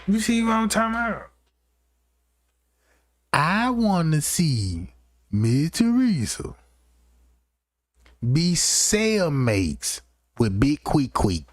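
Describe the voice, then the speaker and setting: A man's voice: fairly high pitch, huge pitch swings, very slow, pauses often, no room sound, clean studio sound. Rambling man on a profane comic rant. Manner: rambling, keeps asking "you know what I'm talking about". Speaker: livestream host.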